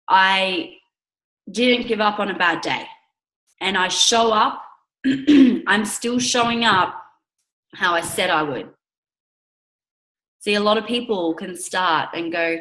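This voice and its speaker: A woman's voice: mid-range voice, lively intonation, takes it slowly, long pauses, a bit bright, reverberant, poor audio. A woman leading a team coaching call, upbeat and chatty, with lots of "okay?" check-ins. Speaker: network marketing team leader.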